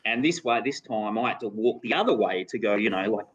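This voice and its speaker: Guest spot: middle-aged Aussie man, deepish voice, rambling anecdote, laughs at himself. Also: expressive, brisk, muffled recording, a little hiss or hum. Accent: Australian. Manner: rambling with restarts, laughing at his own story. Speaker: podcast guest, former cricketer. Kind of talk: casual storytelling.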